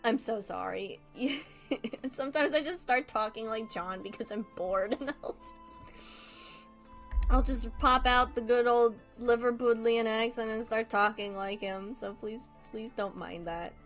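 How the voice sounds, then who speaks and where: Woman streamer, casual and giggly, swears and says sorry a lot; fairly high voice, slow delivery. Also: fairly bright tone, faint music behind, low-quality recording. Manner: giggly, laughs often, swears casually, apologetic. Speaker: livestreamer drawing for chat. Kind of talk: casual livestream chat.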